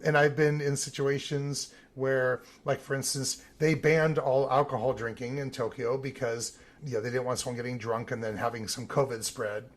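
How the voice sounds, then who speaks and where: A man, an Olympic team photographer, telling lively stories in a podcast interview and acting out the voices of the people he quotes. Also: medium pitch, normal speed, hardly any pauses. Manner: animated storyteller, acts out quoted voices.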